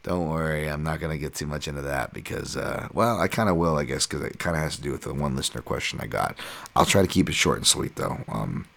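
Podcast host, man, very low gravelly voice, rambling casual delivery. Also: quick pace, a bit bright. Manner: rambling, goes off on tangents.

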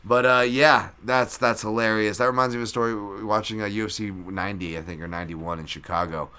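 A man's voice: fairly low pitch, steady tone, fast, bright, forceful tone, clear, resonant tone. A man hosting a podcast in a loose, rambling live-stream recap, reading out chat and swearing casually. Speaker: podcast host.

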